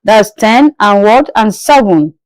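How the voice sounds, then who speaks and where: Speaking slowly with lively intonation at a medium pitch, this woman teaches French pronunciation through slow drills, saying each word several times and posing and answering her own questions. Her patient manner urges learners to listen carefully. There's no echo, though the audio is rough.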